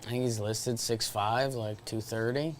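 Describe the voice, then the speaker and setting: A man co-hosting a baseball podcast, easygoing and quick to laugh while watching a game. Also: mid-range voice, steady tone, a little hiss or hum. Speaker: podcast co-host. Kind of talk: casual chat watching a game.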